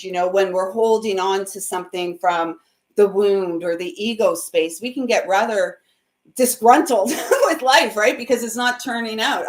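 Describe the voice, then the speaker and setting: A heartfelt woman leads a spiritual card reading on a live stream, with a voice of middling pitch for a woman. She laughs often and swings between quiet, tender remarks and sudden loud bursts. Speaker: intuitive reader and host.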